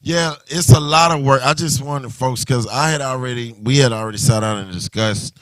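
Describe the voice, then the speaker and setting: A man's voice: medium pitch, moderate pace, a bit bright, no room sound, studio quality. A man hosting a casual livestream chat, talking loosely and rambling with many restarts. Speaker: livestream host.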